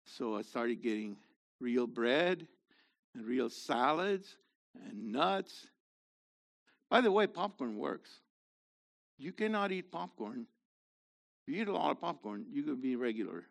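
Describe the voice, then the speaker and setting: A middle-aged man preaching a sermon in a loose, conversational way, swinging from loud to quiet. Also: mid-range voice, lively intonation, measured pace, creaky, long pauses. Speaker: pastor.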